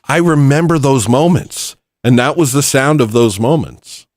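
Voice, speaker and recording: A man's voice: mid-range voice, a little slow, a little mellow, no room sound, studio quality. A man hosting a livestream, chatting casually and joking as he thanks viewers for donations. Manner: rambling, jokey, reads out super chats. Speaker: livestream host.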